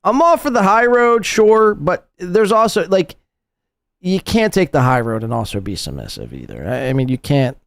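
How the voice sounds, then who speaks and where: Male podcast host, sarcastic and mocking, lively and fairly high-pitched, dry close sound. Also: moderate pace, no room sound. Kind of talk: mocking commentary on a played clip.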